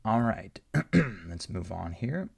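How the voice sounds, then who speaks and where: Male pronunciation teacher, deep gravelly voice, unhurried and patient, checks in with "right?" a lot. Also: sing-song, a little mellow. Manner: explains patiently, many fillers and "right?" checks. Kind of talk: unscripted online lesson answering questions.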